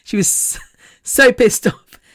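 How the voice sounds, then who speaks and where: A woman hosting a podcast, telling a personal story in a frank, chatty way and laughing often between sentences. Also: slow pace. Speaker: podcast host. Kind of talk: casual storytelling monologue.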